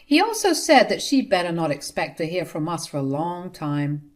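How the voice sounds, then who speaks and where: Woman narrating a family drama story. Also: on the low side. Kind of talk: first-person story narration.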